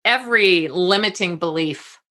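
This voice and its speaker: A woman hosting a podcast interview, talking in an animated way that often breaks off and restarts her sentences. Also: lowish voice, moderate pace. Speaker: podcast host. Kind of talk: conversational interview.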